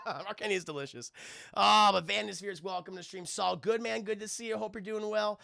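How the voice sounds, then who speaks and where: A man recapping a cartoon episode in a casual live stream, excitable and profane, often talking to his chat and restarting his sentences. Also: high-pitched, a little fast, creaky, no room sound.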